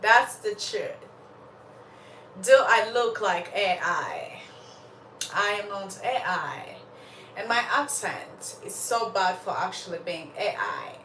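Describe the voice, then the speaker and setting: Chatty woman streaming from Uganda, slow and bright. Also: mid-range voice, recorded from a distance. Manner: chatty, laughs often, answers viewer comments. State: slight cough, under the weather. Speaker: livestream host. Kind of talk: casual live chat with viewers. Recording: roomy sound from off the mic, faint background noise.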